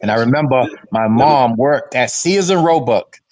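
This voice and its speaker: A man in his fifties hosting a fan talk stream, telling stories with real spark and acting out family members in playful voices. His pitch sits in an ordinary middle range, and the sound is very dry and close. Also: moderate pace, dry recording. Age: 50s. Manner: animated storyteller who acts out his father's voice. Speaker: fan podcast host. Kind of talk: casual storytelling chat. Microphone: remote stream call.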